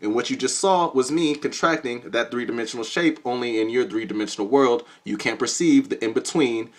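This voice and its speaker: A young man voicing a calm female hypersphere who patiently explains dimensions in a matter-of-fact way. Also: mid-range voice, brisk, close to an everyday voice.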